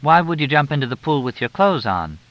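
A man's voice: on the high side, sing-song, dry recording, voice pushed up. A man doing a bossy older grandmother. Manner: brisk, bossy, matter-of-fact. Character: blunt older wealthy woman, mother and grandmother. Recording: dull lo-fi dry recording.

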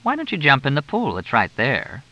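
A man voicing a blunt, bossy older wealthy woman who is a mother and grandmother, talking in a brisk, matter-of-fact way. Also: medium pitch, huge pitch swings, pushed and bright, voice pushed up. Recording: dull lo-fi dry recording.

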